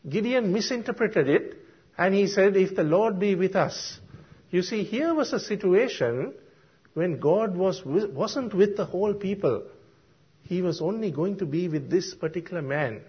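A man preaching a sermon, explaining Bible verses slowly and deliberately with frequent ums and uhs. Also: high voice, expressive, husky. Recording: dull lo-fi sermon recording.

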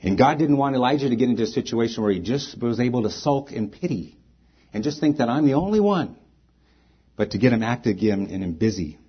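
A man preaches a sermon, his voice a little husky and worn at the edges. He reads scripture with building emphasis, then talks plainly to his listeners. The recording sounds dull and lo-fi. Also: medium pitch. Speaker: pastor.

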